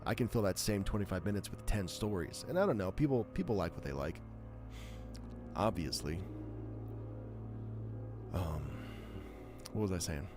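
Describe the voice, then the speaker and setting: A man with a low, smooth, buttery voice hosts a live stream of spooky story readings. He jokes about himself between stories, and his pitch swings widely as he talks. Faint music plays underneath. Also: moderate pace, long pauses. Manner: self-deprecating, joking, animated.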